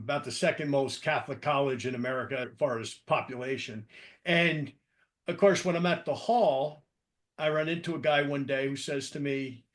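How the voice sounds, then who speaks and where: A man's voice: mid-range voice, fairly bright tone. A man from New Jersey who hosts an interview podcast and talks in a chatty, rambling way with self-deprecating asides. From New Jersey, East Coast. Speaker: podcast host. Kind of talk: casual interview conversation.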